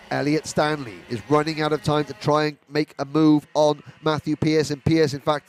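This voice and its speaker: A man giving live race commentary on a karting event, rattling off positions and names and building excitement toward the finish. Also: a little high.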